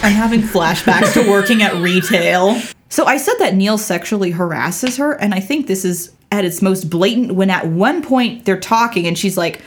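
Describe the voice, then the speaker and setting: A woman's voice: mid-range voice, animated, normal speed, few pauses. Sarcastic woman podcast co-host. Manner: sarcastic, exasperated commentary with mocking quotes. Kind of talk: casual book discussion.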